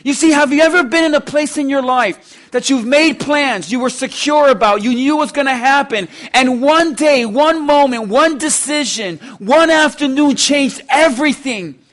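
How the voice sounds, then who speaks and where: A man's voice: extremely high pitch, moderate pace, fairly bright tone. A man preaching a sermon. He speaks straight to his listeners and builds emphasis through repeated phrases. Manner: addresses listeners directly.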